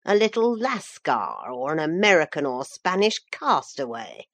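A woman's voice: low voice, huge pitch swings, measured pace, a bit bright, heavily acted. A woman reading aloud and voicing a pompous older male magistrate who blusters and declaims.

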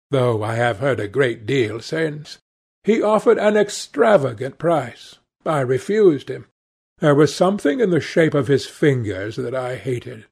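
Guy voicing a serious earnest painter gent, gravelly and husky. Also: mid-range voice, darkish tone, heavily acted.

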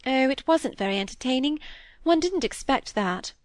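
A woman's voice: high-pitched, lively intonation, normal speed, no echo, studio quality, voice pushed up. Woman reading as languid charming young woman. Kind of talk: audiobook reading.

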